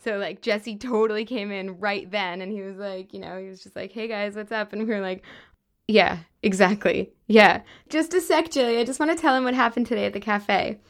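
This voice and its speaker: A woman's voice: medium pitch, a little fast, natural voice. A woman playing a nonstop chatty gossiping girl.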